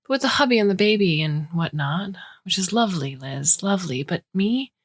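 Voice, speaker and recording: A woman's voice: fairly low pitch, expressive, brisk. A woman voicing a wistful young woman who confides a secret in a half-whisper, in an audiobook reading. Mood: tearful.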